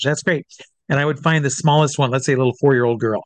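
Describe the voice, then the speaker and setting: A man working as a stage hypnotist, telling anecdotes in an interview in an animated way and acting out what others said. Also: medium pitch, fast, dry recording. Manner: animated, acts out quotes of others. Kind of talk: storytelling in a conversational interview.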